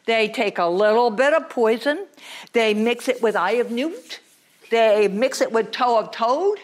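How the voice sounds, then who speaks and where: A woman storyteller voicing an old, stern, secretive witch who lectures slowly and commandingly in a told folktale. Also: a little high, lively intonation. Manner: commanding, lecturing, drawn-out words.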